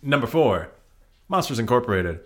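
A young adult man in casual conversation with a friend. He is playful and quick to break into movie quotes. His pitch swings widely as he talks. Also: big pitch swings. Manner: jokey, blurts out movie quotes. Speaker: podcast co-host. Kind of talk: casual movie-ranking chat.

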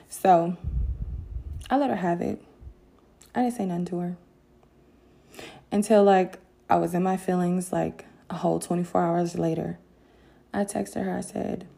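A woman vlogger telling a candid story time to her viewers, casual and animated, with bursts of indignation. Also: fairly low pitch, unhurried, gravelly, long pauses.

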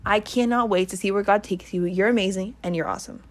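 Woman, online preacher, casual sermon, earnest, repetitive, middle pitch. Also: fast talker. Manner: earnest, repetitive, rambling exhortation.

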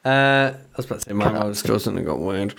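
A man's voice: fairly low pitch, expressive, fast talker, creaky, fairly bright tone. A man co-hosting a podcast, rambling and joking in casual banter, swearing freely and speeding up in bursts. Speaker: podcast co-host.

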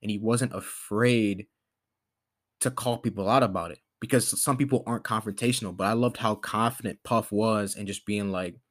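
A man's voice: fairly low pitch, fairly even intonation, normal speed. A man hosting a podcast, talking in a casual motivational monologue, rambling with lots of fillers and restarts. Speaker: podcast host.

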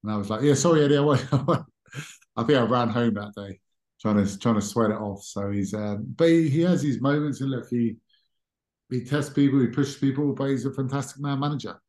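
Relaxed man in an echoey room. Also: medium pitch, moderate pace. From England. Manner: relaxed storytelling with frequent restarts and fillers. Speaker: podcast guest, former rugby captain. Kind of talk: casual interview chat. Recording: roomy echo.

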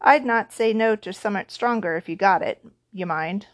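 A woman voicing a huge, shaggy, good-natured male giant in a storybook reading, gruff and homely in manner, with dialect-tinged speech. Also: medium pitch, moderate pace, natural voice. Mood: gruff friendly.

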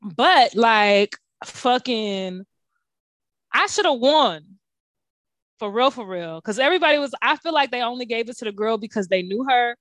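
A young woman co-hosting a casual chat, telling stories with lots of swearing and big swings in pitch. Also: moderate pace, no room sound, clean studio sound. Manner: profane, animated storytelling with big pitch swings. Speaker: podcast co-host.

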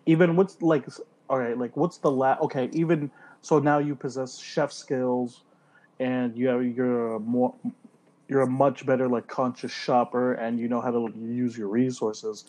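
A man co-hosting a casual podcast chat, telling animated stories full of slang and swearing. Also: mid-range voice, moderate pace. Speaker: podcast co-host.

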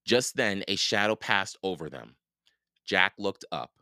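A man reading a children's book aloud for a podcast, slow and expressive. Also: deep voice, no echo, clean studio sound. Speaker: podcast read-aloud host.

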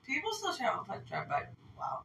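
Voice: mid-range voice, wildly swooping pitch, a little fast, creaky, sharp tone. A podcast co-host chiming in with short agreeing remarks in casual chat. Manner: brief agreeing interjections. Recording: roomy, distant mic, faint noise.

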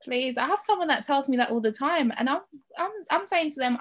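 A woman's voice: sits high, animated, brisk. A woman chatting casually on a podcast, frank and blunt, swearing now and then.

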